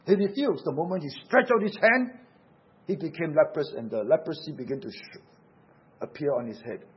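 A man's voice: on the high side, expressive, normal speed, lo-fi sound. A man preaching a sermon in an earnest, emphatic way, repeating key words for weight. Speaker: pastor.

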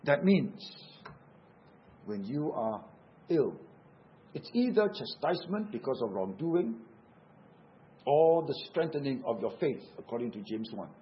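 A man's voice: mid-range voice, sing-song, unhurried, pauses often, muffled recording. A man preaching a sermon in an earnest, emphatic way, repeating key words for weight. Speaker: pastor.

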